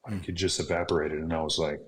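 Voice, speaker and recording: A man's voice: low-pitched, fairly even intonation, fast talker. A man in his thirties, a podcast guest, earnestly retelling a personal story and dropping into whispers for remembered thoughts. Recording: echoey room with faint noise.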